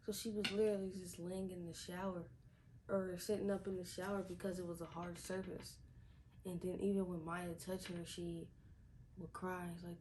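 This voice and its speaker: A woman's voice: on the low side, steady tone, normal speed, darkish tone, slight background noise, poor audio. A woman reviewing a TV episode in a casual vlog, chatty, repeating herself with lots of fillers. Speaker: TV show reviewer.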